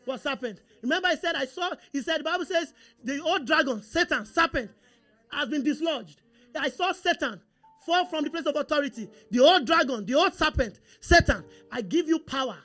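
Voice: sits high, moderate pace. A pastor preaching a sermon, repeating phrases and calling on the congregation to respond. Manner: animated, repetitive call-and-response preaching.

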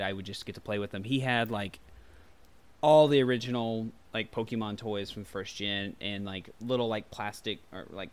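Man in his thirties, podcast co-host, laid-back, rambling with ums, smooth clear voice. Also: mid-range voice. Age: 30s. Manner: easygoing, rambling with many ums and uhs. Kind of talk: casual chat.

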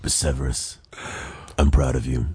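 A man playing a tabletop game, talking slowly and in a relaxed way. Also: very deep voice, crowd noise. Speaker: player. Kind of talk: casual tabletop play.

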